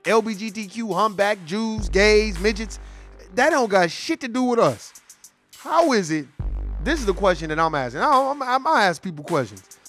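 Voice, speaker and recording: Heated high-voiced man ranting. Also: animated, normal speed, a bit bright, faint music behind. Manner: profane, heated, repetitive, street slang. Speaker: commentator. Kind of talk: political rant monologue.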